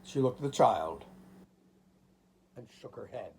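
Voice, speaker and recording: A man reading a classic novel aloud, with an expressive, dramatic delivery. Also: medium pitch, unhurried, long pauses, slightly rough. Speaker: audiobook reader.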